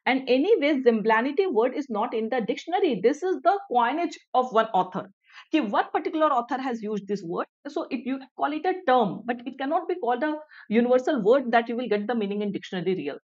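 A woman's voice: on the high side, lively intonation, fast, darkish tone, dull audio. A woman with an Indian English accent teaching an online vocabulary lesson, repeating each definition, explaining in Hindi and checking in with viewers. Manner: switches to Hindi to explain, asks "clear everyone?".

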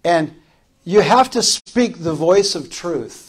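Slow-preaching pastor, man, fairly high voice. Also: animated, slightly rough. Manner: impassioned preaching, rising to loud calls and dropping to soft tender lines; repeats phrases for emphasis. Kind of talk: sermon.

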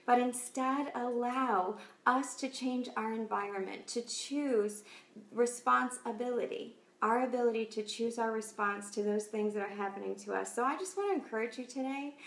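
A woman hosts a devotional talk, speaking in an earnest, encouraging way as she tells a simple parable and prays. Her voice sits a little high and carries a gravelly fry. The recording is echoey, as if made in a bare room. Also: normal speed. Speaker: host of faith talk show.

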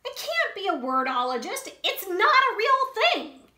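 A woman's voice: sits high, sing-song, unhurried, pushed and bright, heavily acted. A woman voicing a principled young hen who protests and gets exasperated. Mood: indignant. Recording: roomy echo.

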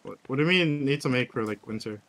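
A man playing a survival game with friends, excitable and quick to yelp and laugh. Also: mid-range voice. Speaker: co-op player. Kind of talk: casual gameplay chat.

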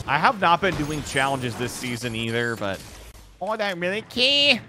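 A man giving excitable, reactive live commentary on his own gameplay, swearing freely. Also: on the high side, normal speed, background noise. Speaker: gaming YouTuber. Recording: game gunfire in the background. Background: video game gunfire and clicks.

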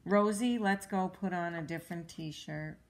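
A woman's voice: lowish voice, unhurried. A woman voicing a kind, patient mother in a storybook reading, soothing and reassuring. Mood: gentle.

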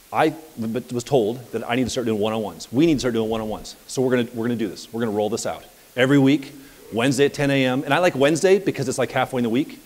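A man coaching at a live seminar, telling anecdotes in an energetic, conversational way. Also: mid-range voice, long reverb tail. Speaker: property management business coach. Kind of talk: live seminar talk with audience questions.

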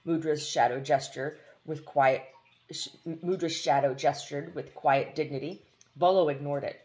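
A woman narrating a novel aloud in a fairly low voice. Her reading is expressive, with now and then a stumble and restart. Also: normal speed. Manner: expressive, occasional slips and restarts. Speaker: audiobook reader. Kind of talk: audiobook narration.

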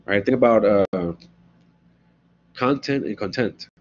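Lecturing man, husky and low, lo-fi. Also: slow pace. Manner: conversational, often adds "right?" as a check-in. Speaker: philosophy lecturer. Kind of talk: recorded classroom lecture. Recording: dull, lo-fi lecture recording.

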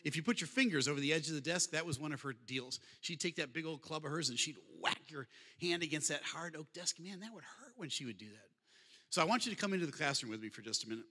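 Fast-talking, bright-voiced man storyteller. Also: on the high side, expressive, breathy edge. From Michigan, USA. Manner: humorous, conversational, addresses the audience directly. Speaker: guest speaker. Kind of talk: storytelling talk. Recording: long hall reverb.

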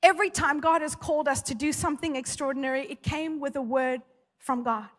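A woman's voice: high-pitched, fairly quick. Woman pastor, fervent emphatic preacher, long reverb of a big hall. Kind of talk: sermon.

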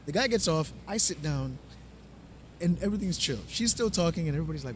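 A podcast co-host tells a long, profane story in casual chat, restarting it many times. His voice sits on the high side with lively intonation and a quick pace, plus a little hiss or hum.

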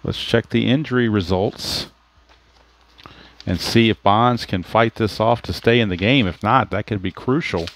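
This is a man's fairly low voice, speaking a little slowly as he narrates a tabletop baseball replay from his computer at home. He gives steady, explanatory play-by-play, covering ratings and dice rolls and thinking through the rules aloud.

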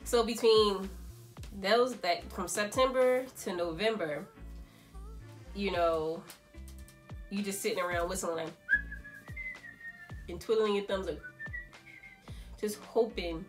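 A young woman, a fashion designer telling a story in a casual, animated vlog. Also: mid-range voice, takes it slowly, pauses often, soft background music. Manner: animated, chatty storytelling full of quoted asides.

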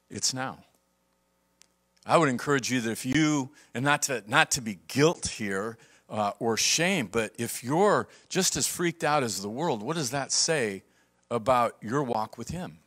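A man pastor preaching a sermon, swinging from loud emphasis to hushed, quiet delivery. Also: mid-range voice.

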